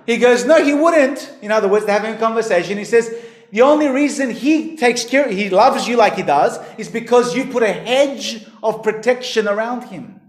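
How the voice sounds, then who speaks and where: A man preaching a sermon as pastor, emphatic, his voice rising and falling in pitch and volume. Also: moderate pace. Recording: echoey hall.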